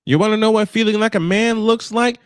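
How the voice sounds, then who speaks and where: Here a livestream host in his fifties, camera off, delivers an angry, frustrated personal monologue with profane outbursts and emphatic repetition. His high-pitched voice is clear and resonant, fairly quick, with fairly even intonation. No room sound, studio quality.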